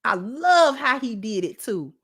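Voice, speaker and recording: Sassy woman reacting to a dating clip, bright high voice, talks right at the viewers. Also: very animated, unhurried, husky. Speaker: dating commentary host. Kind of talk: reaction commentary.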